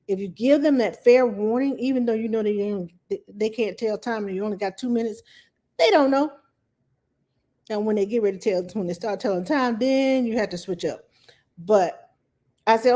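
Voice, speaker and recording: A woman's voice: mid-range voice, moderate pace, warm tone. A middle-aged woman hosting a live stream as a nanny, chatting casually and repeating herself for emphasis. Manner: chatty, repeats herself for emphasis, acts out little dialogues with her toddler.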